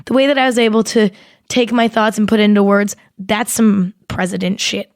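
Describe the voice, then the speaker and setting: A young woman hosting a casual solo podcast, rambling and swearing as she talks in an animated, exaggerated way into a close mic. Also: mid-range voice, brisk, no room sound. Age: young adult. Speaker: podcast host.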